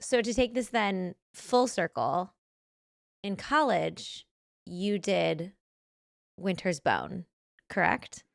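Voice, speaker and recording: A woman's voice: medium pitch, slow pace, vocal fry, long pauses, dry recording, studio quality. Enthusiastic woman hosting a podcast chat. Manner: enthusiastic, gushing, asks leading questions. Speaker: podcast host, actress. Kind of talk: casual interview chat.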